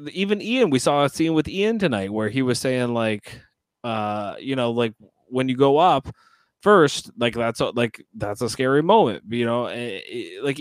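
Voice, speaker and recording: Animated man ranting about a reality show. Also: medium pitch, no room sound. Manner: animated, mocking impressions of contestants. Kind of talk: casual reality TV recap chat.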